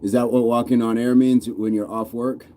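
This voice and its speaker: Reading his live chat aloud, an American fitness channel host keeps things loose and playful, chuckling a lot as he goes. His voice is medium-pitched and dark, with little pitch movement and a normal speed.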